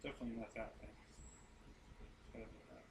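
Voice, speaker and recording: A man's voice: medium pitch, fairly even intonation, normal speed. A man hosting a casual live stream, fixing a model while he chats and jokes with his wife. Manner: joking, bantering, chuckling. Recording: roomy, mic off at a distance, faint background noise.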